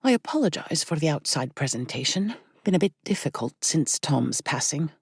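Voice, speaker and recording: A woman voicing a warm, grieving middle-aged landlady with a thick Irish accent and a lilting, gentle manner. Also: low voice, sing-song, normal speed, gravelly, breathy edge, no room sound, studio quality, voice pushed down, exaggerated voice. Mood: welcoming.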